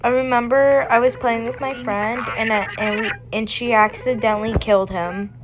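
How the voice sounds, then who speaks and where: A woman's voice: fairly high pitch, fairly even intonation, normal speed, background noise. A young woman chatting casually while playing a game with a friend, sassy and full of slangy roasting. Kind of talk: casual voice-chat gameplay banter.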